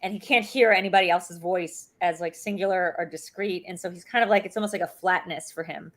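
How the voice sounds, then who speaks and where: Casting note: rambling, chatty woman co-host, bright clear voice. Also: lowish voice, steady tone, a little fast. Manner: chatty, rambling with many likes. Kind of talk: casual chat. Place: home.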